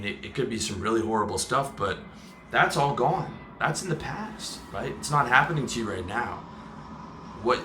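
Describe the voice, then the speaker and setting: Emphatic man coaching, bright echoey sound. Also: lowish voice, slight background noise. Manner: emphatic, repeats "okay?" and "right?" to press points. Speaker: sales coach. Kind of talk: motivational monologue.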